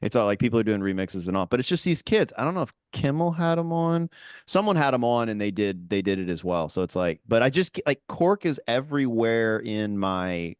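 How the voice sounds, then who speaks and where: A man's voice: medium pitch, fairly quick, clear, resonant tone, no echo, studio quality. A man co-hosting a podcast in casual chat, teasing and telling stories with energy. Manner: teasing, animated storytelling. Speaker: podcast co-host.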